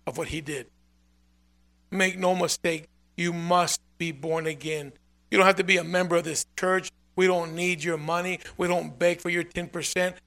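A man preaching a sermon as pastor, emphatic and repetitive, with sudden loud swells. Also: fairly high pitch, gravelly.

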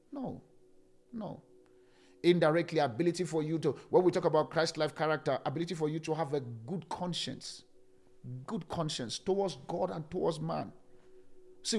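A middle-aged male pastor preaching with emphatic force. His voice sits a little high for a man, and he drags out key phrases and repeats them, then drops almost to a hush. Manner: emphatic, repeats key phrases slowly, swings from loud to quiet. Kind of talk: sermon.

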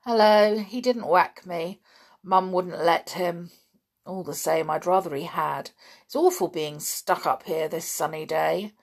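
A woman reading aloud, voicing a cheeky, excitable farm boy in a bouncy, high-spirited way. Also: measured pace, vocal fry.

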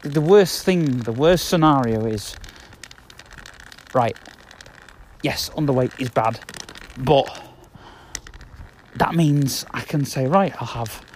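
A man's voice: medium pitch, takes it slowly, long pauses, darkish tone, slight background noise. A man, rambling casually and repeating himself as he talks on a walk outdoors. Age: 30s. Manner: chatty, meandering, repeats himself. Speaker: podcast host. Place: outdoors walking around the block.

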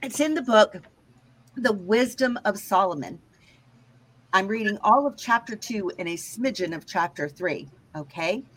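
A woman's voice: mid-range voice, lively intonation, unhurried, breathy edge, rough recording. Emphatic woman teaching scripture. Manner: emphatic, often checks in with "right?". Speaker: Bible teacher.

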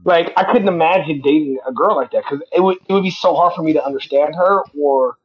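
A man's voice: a little high, fairly quick, breathy edge, soft background music. A young man co-hosting a casual podcast, blunt and opinionated, swearing casually. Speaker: podcast co-host. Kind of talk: casual chat. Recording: dull lo-fi mic.

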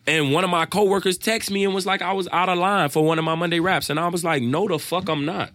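A man, a rapper, telling his own stories in a loose, profane, animated way, often quoting what others said. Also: high voice, quick pace, no echo. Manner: animated, profane storytelling with quoted voices. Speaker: rapper and guest. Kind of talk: casual storytelling chat.

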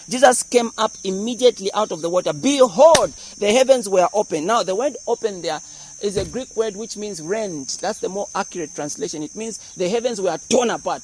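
A man preaching a sermon, animated and humorous as he explains scripture. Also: high voice, poor audio. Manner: animated, explains verses with humor and acted-out voices. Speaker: pastor.

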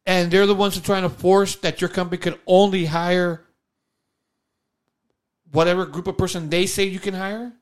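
A man's voice: sits high, level tone, normal speed, long pauses. A man co-hosting a podcast in a casual, exasperated rant with mocking asides. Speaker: podcast co-host. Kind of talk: casual ranting chat.

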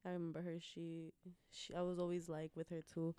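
A woman's voice: on the low side, monotone, a little fast, warm tone, a little hiss or hum. A young woman, chatting casually with friends in slangy talk and laughing as she tells stories. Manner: slangy, storytelling, laughs often. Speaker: friend in a group chat. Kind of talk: casual chat.

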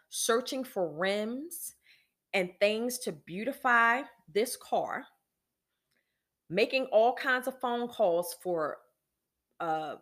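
A woman hosting a podcast, talking candidly and emphatically about a personal frustration and speaking straight to her listeners in a preacherly way. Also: medium pitch. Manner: emphatic, exasperated storytelling with frequent restarts; direct address to listeners, preacherly. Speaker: podcast host.

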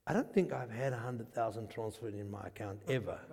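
A man with a South African accent preaching a testimony sermon, an animated storyteller who swings from hushed to shouting. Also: on the low side, brisk, creaky, husky, long reverb tail. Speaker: pastor. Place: church.

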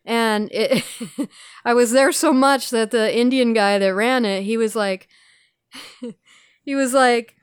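A woman's voice: a little high, steady tone, unhurried, smooth, dry recording, clean studio sound. A woman guesting on a podcast, telling her own story in a chatty, self-mocking way with lots of fillers. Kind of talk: candid recovery podcast talk.

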